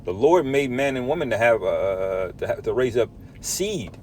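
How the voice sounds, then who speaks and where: A man's voice: medium pitch, lively intonation, moderate pace, darkish tone, slight background noise. A man preaching from scripture, emphatic, often tagging lines with "man" and "all right?". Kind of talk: scripture teaching.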